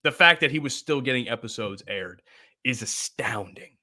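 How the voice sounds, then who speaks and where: A young man co-hosting a podcast, chatting casually, getting excitable and emphatic and laughing easily. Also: mid-range voice, moderate pace. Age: young adult. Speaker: podcast co-host. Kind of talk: casual chat.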